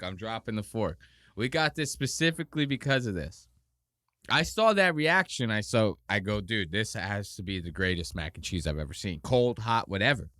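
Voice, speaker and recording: A man hosting a podcast, casually mocking a clip with animated commentary and exaggerated impressions. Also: medium pitch, no room sound, clean studio sound. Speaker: podcast host.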